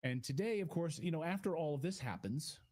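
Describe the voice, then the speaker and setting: A man hosting a news talk show, commenting and reading out posts in a relaxed, conversational way. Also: a little high, a little fast. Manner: relaxed, talks with a co-host and reads out posts.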